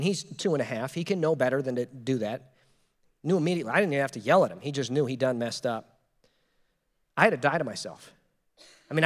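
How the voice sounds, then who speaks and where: A man in his thirties, a pastor, giving a lively conversational sermon full of questions to the congregation. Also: high-pitched. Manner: animated, conversational, rhetorical questions. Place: church hall. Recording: reverberant church hall.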